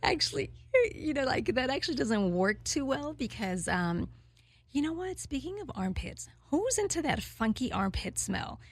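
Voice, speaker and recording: A woman's voice: sits high, big pitch swings, moderate pace, vocal fry, husky, no echo. A woman in her forties hosting a radio talk show, chatting candidly and rambling with many fillers and frequent laughter. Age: 40s. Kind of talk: casual chat to listeners.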